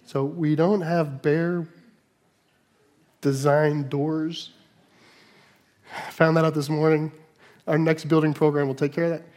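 A male pastor delivering a sermon with animated energy. He drops into quiet, conversational asides and then rises into emphatic, raised lines. His voice sits a little higher than most men's. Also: takes it slowly, pauses often.

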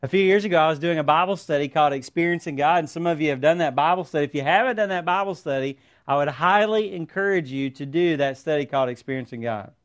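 A man with a notably high voice preaches to his congregation. He tells stories in an earnest way and often stops to ask rhetorical questions. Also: fast talker, few pauses. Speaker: pastor. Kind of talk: sermon with personal stories.

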